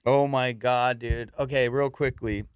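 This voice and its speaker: A man hosting a casual comedy podcast, telling profane, animated stories and laughing often. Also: medium pitch, measured pace, clean tone, dry recording, clean studio sound. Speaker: podcast host.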